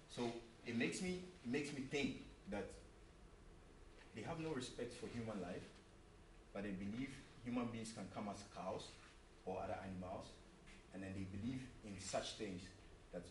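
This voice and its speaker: A man preaching a sermon in an earnest way, repeating himself and asking rhetorical questions, recorded in a church hall from a distance. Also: lowish voice. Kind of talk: sermon with a told joke. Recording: roomy echo, mic far off, faint hum.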